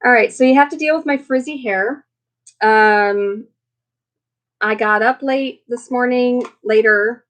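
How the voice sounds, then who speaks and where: A woman's voice: a little high, a little slow, fairly bright tone. A woman hosting a casual live chat with viewers, chatty and rambling, with many fillers, tired and emotional after being sick. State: recovering from illness, emotional. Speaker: livestream host.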